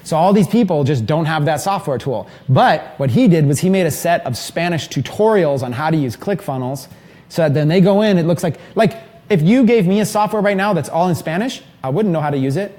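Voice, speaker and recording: A man in his thirties giving an energetic, rambling live seminar talk to a small group in an event room. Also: fairly high pitch, brisk. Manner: energetic, rambling, filler-heavy. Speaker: mastermind trainer.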